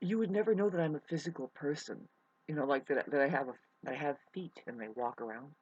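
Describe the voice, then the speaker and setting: A woman's voice: low-pitched, brisk, a little mellow, slightly rough, no echo, lo-fi sound. A woman doing a rambling, improvised comic monologue in a put-on, hammy mock accent, with theatrical exclamations and sudden swearing. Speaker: comedian.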